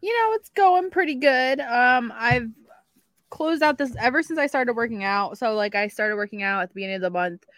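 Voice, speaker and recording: A woman co-hosting a casual podcast, telling an animated story full of "like" and the odd swear word. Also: a little high, moderate pace, no room sound, clean studio sound. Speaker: podcast co-host. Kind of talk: casual chat.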